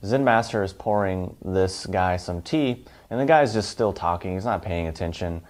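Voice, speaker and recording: A low-voiced man delivers a self-help talk at normal speed, emphatic and piling up long lists of examples. His delivery is steady, with the rhythm of a motivational lecture.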